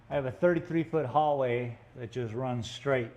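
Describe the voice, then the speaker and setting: A man's voice: medium pitch, moderate pace, darkish tone. A man chatting casually and joking in rambling asides while he paints live in an art gallery studio. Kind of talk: casual live-stream chat.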